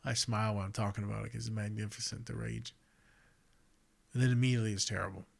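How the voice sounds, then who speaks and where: A man hosting a podcast, a counselor talking in a blunt, profane and animated way that swings from loud outbursts to quiet reflection. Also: on the low side, fast, gravelly. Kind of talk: casual monologue.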